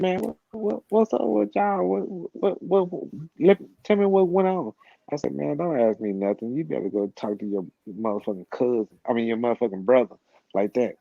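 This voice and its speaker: Low, dark-voiced man rambling through a story. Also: gravelly, no room sound. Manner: rambling, profane, repeats words and restarts often. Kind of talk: casual storytelling. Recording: slightly dull, lo-fi sound.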